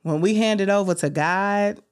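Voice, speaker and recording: A young adult woman hosting a faith-based self-care podcast, talking like an encouraging big sister with high, excited bursts. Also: moderate pace, clean tone. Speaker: podcast host.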